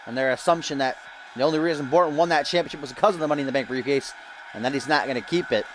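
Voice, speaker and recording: A man doing play-by-play wrestling commentary, hyping the match with dramatic, drawn-out rhetorical questions. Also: medium pitch, a little hiss or hum, poor audio.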